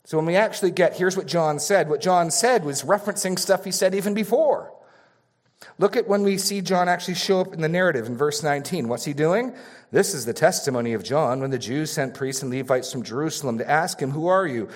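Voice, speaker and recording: A male pastor with a slightly high voice preaches an expository sermon fairly quickly. He repeats key phrases and swings between raised emphasis and hushed asides.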